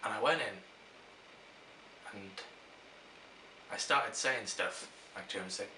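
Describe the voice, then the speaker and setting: A man's voice: on the low side, slow, sharp tone, a little hiss or hum. A young man chatting casually to camera, answering question prompts and rambling through stories with restarts. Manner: rambling, storytelling, self-interrupting. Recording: echoey room, mic at a distance.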